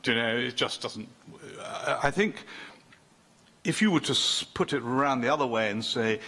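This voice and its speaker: A man's voice: mid-range voice, moderate pace, bright, forceful tone. An older man preaching a sermon in a chatty, joking way, often breaking off mid-sentence and teasing the congregation.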